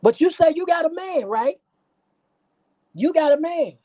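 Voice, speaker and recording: A woman's voice: very high voice, lively intonation, unhurried, warm tone. A woman hosting a livestream, preaching at and scolding someone in a profane call-out rant. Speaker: stream host. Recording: dull lo-fi stream audio.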